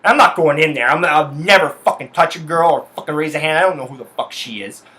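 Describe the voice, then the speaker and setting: A man's voice: on the high side, fast, bright, forceful tone. A man hosting a solo podcast, telling a story in a heated, profane rant full of swearing. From Canada. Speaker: podcast host. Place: his house.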